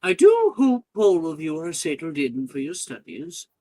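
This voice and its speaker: A man's voice: fairly high pitch, huge pitch swings, normal speed, dark tone, no room sound, voice pushed up. Man putting on a stately old headmistress. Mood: announcing. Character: brisk stately older headmistress, woman.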